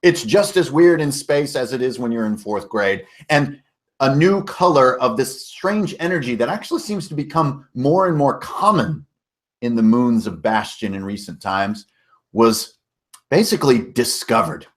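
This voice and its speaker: A man's voice: mid-range voice, lively intonation, moderate pace. A man narrating a tabletop game recap as game master, casual and storytelling, with self-corrections and mild swearing.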